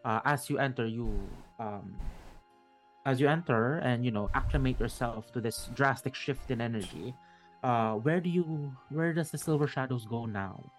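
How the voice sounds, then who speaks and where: A man's voice: medium pitch, normal speed, soft background music. Rambling male game master. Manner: rambling, many fillers and restarts. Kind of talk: narrating a tabletop game.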